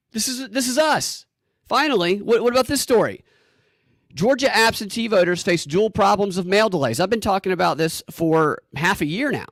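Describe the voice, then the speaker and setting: A man's voice: a little high, a bit bright, no echo, clean studio sound. A man hosting a solo political commentary show, talking in a sarcastic, emphatic way and often repeating words.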